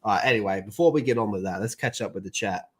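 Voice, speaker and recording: A man's voice: fairly low pitch, quick pace, breathy edge. A young man streaming, chatting and ranting in a casual, profane way.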